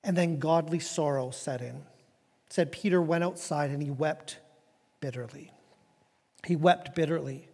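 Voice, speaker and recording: Brief: male pastor, high voice, lively conversational preaching, long church-hall reverb. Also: moderate pace. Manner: animated, conversational preaching with repeated words. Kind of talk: sermon. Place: church sanctuary.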